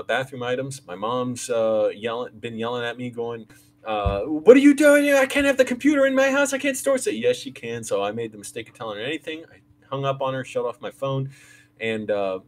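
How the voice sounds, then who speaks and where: Brief: man with a fairly low voice, loose livestream chatter, soft hum behind. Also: low-quality recording. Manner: rambling, with many fillers and restarts. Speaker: channel host. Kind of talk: casual livestream monologue.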